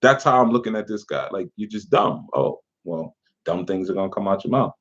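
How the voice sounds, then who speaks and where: Scornful man with a low voice. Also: brisk. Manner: scornful, sarcastic, laughs at his critic. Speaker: spiritual teacher. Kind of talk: reading out and mocking a viewer's comment. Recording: dull lo-fi sound.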